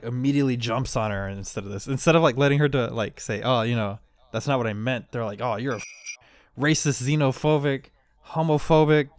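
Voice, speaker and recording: A man's voice: medium pitch, no echo. A man co-hosting a casual podcast, rambling through a story, laughing often and acting out the quoted lines. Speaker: podcast co-host. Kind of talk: casual chat.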